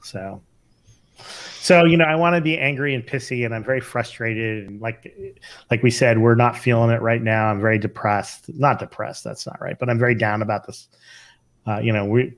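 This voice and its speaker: A man's voice: mid-range voice, steady tone, normal speed. A middle-aged man, an emergency physician co-hosting a casual podcast, talking thoughtfully with lots of fillers and restarts.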